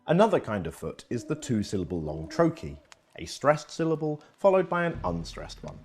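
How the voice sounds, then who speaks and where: A man reading a scripted educational narration in a lively storytelling manner. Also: mid-range voice, moderate pace, soft background music.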